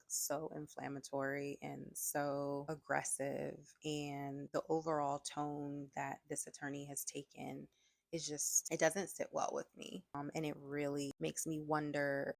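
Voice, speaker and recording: A woman's voice: low-pitched, vocal fry, no room sound. A woman giving frank, exasperated casual commentary in a vlog, with many filler words. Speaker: online commentator.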